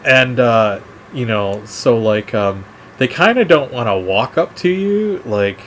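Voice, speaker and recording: A man acting as game master for a tabletop game narrates in an animated, fairly bright mid-range voice at a measured pace. He rambles with many fillers, and there's slight background noise.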